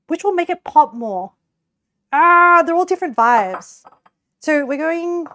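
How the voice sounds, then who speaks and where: A woman's voice: high-pitched, lively intonation, slow pace, a bit bright, dry recording, studio quality. A young woman from Australia chatting casually to her viewers as she cooks on a live stream, giggling often and rambling with lots of "like" fillers. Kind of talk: casual chat while cooking on a live stream.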